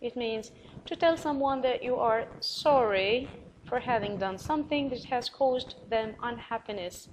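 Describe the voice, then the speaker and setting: A fairly high-pitched woman teacher with an Arabic accent walks students through English vocabulary. She spells words letter by letter, repeats them slowly and praises warmly. A faint hiss sits under her voice. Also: low-quality recording. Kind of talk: recorded vocabulary lesson.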